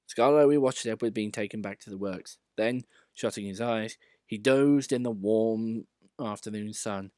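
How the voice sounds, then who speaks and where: A man reading a children's story aloud in an expressive, lively storytelling way. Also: on the low side, measured pace, no room sound, clean studio sound. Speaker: narrator.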